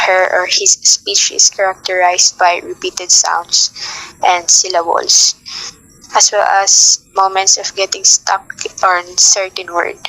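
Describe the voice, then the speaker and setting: A young woman teaching a class, reading her notes at a steady pace with frequent filler sounds. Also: fairly low pitch, vocal fry, low-quality recording.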